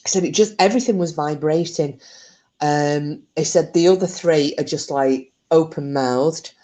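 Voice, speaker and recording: A woman's voice: deep voice, normal speed, mellow. A woman hosting her channel, casually retelling a true story, chatty, swearing freely and laughing often.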